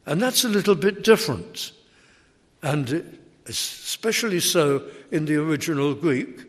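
A man preaching a sermon in a measured, emphatic way, recorded in a large church hall. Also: a little high, expressive. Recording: long reverb hall.

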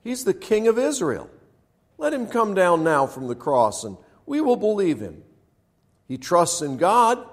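A man's voice: sits high, huge pitch swings, measured pace, voice pushed up, heavily acted. A man reading scripture aloud, voicing a jeering group of male religious leaders with a raised, scornful, mocking tone.

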